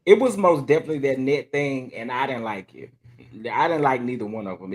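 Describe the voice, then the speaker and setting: A man's voice: medium pitch, lively intonation, a little fast. A man hosting a casual reality-TV chat, laughing often. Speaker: host.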